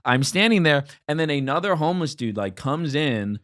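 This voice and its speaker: A man's voice: on the high side, expressive, moderate pace, a bit bright, dry recording, clean studio sound. A man from Los Angeles, a comedian guest, telling stories in a loose, rambling way, full of "like" and "dude". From Los Angeles, USA. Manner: rambling, slangy, lots of "like" and "dude". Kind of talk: casual storytelling chat.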